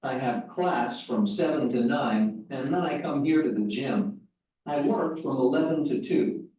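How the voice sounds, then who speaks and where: An actor playing a young male student who works part-time, reading a textbook dialogue in a plain, measured way. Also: medium pitch, a little mellow, close to an everyday voice. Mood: relaxed. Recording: echoey, distant, lo-fi course audio.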